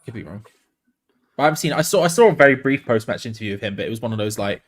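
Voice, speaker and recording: A man co-hosting a casual live stream, self-deprecating and quick to repeat himself as he restarts sentences. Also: fairly low pitch. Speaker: co-host.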